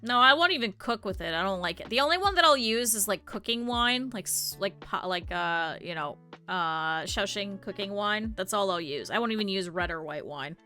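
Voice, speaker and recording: Woman, streamer, casual chat, blunt, swears freely, bright tone, quiet guitar music underneath. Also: mid-range voice, normal speed, hardly any pauses. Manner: blunt, swears freely, animated quoted asides.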